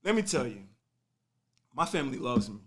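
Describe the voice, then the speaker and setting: A young man casually telling a personal story on a podcast, animated and full of slang, acting out what people said. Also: mid-range voice, a little fast, husky. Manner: animated, slangy, acts out quotes.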